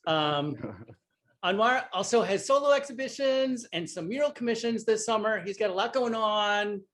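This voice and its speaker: A man's voice: high voice, fairly bright tone. Casual man introducing a guest. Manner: casual, halting, with fillers. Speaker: event host.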